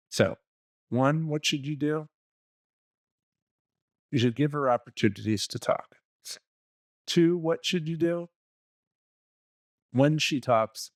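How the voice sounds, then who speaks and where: In a dry recording with clean studio sound, a mid-range male voice co-hosts a relationship coaching podcast. He's casual, blunt and profane in his advice, acting out quoted dialogue in little scenes.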